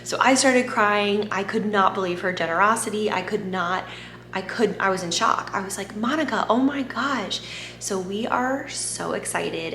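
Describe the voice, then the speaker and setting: A woman, chatting to camera in a gushing vlog, repeating herself when excited. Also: fairly low pitch, vocal fry. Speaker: vlogger. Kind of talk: casual chat to camera. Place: home at night. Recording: echoey room, faint background noise.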